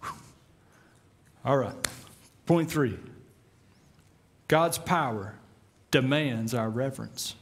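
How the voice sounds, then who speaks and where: A middle-aged man preaching a sermon as pastor, telling the story with lively put-on voices and chuckles. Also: medium pitch, slow pace, pauses often, a little hiss or hum. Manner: animated storytelling, acts out voices with laughs.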